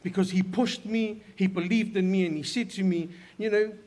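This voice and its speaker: A man giving a heartfelt eulogy at a funeral service, telling stories haltingly with many pauses. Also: high voice, fairly even intonation, darkish tone. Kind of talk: emotional eulogy. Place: church service hall.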